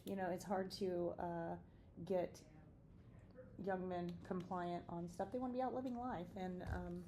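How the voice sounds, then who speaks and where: A woman's voice: on the low side, fairly even intonation, unhurried, warm tone. Cheerful woman nurse telling a story. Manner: cheerful, self-deprecating humor. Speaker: nurse and podcast co-host. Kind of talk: casual conversational storytelling. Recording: faint background noise and ambience.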